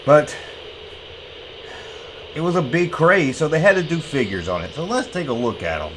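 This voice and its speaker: A man in his fifties hosting a casual toy review, talking with joking, wry asides and drawn-out emphasis. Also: a little high, animated, slight background noise. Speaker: toy collector host.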